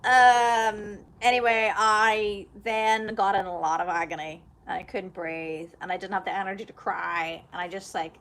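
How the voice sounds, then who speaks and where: A woman's voice: mid-range voice, fairly even intonation, a little slow, few pauses, a bit bright. A young woman chatting casually on a livestream, telling stories in a chatty, giggly way. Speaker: singer and livestream host.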